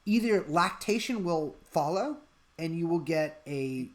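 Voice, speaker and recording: A man's voice: a little high, lively intonation, a little slow. A man co-hosting a live-stream chat, rambling through an absurd bit of mock-serious advice. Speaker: podcast co-host.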